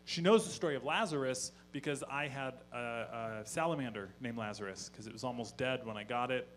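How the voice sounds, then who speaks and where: A man performing stand-up into a stage mic, with a middling pitch and a deadpan, conversational delivery. He tosses in profane asides as he tells his stories. A faint electrical hum sits under the voice. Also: fairly quick. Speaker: stand-up comedian. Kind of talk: stand-up comedy set. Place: live comedy venue on stage.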